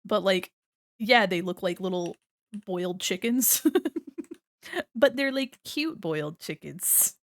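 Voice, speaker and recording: A woman's voice: on the low side, slow, long pauses, no room sound, studio quality. A woman streamer chatting casually while she draws, playful and giggly, laughing often and talking to her chat at a desk mic. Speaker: art streamer. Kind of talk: casual commentary while drawing.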